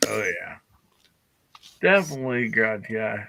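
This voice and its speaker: Man hosting a live show: bright, gravelly tone, lively pitch, has the hiccups. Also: a little slow. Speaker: podcast host. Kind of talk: casual livestream chat.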